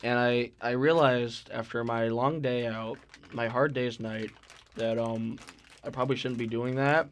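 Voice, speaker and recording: A man from Canada, a podcast guest, groggy from no sleep and rambling in halting, restarting sentences. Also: medium pitch, steady tone. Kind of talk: casual chat.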